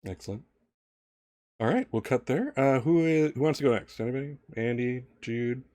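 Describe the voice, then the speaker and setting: A man's voice: mid-range voice, animated, moderate pace, warm tone, no room sound, studio quality. A man narrating as game master, chatty and laughing easily.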